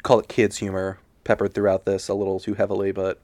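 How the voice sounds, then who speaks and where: Man, podcast host, casual chat, goofy, low-ish pitch, dry sound. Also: completely flat delivery, quick pace, a little mellow, no room sound. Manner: goofy, laughing, playful asides.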